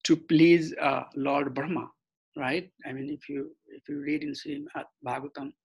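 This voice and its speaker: Husky-voiced man teaching scripture online. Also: fairly high pitch, poor audio. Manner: halting, many fillers and restarts. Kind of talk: online scripture class lecture. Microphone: computer mic on a video call.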